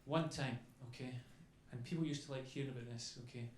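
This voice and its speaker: Performing stand-up into a handheld mic on a club stage, a man chats along and adds "okay?" after his lines. He's a fast talker with a mid-range, darkish voice and fairly even intonation, recorded in an echoey club with faint ambience and slight background noise.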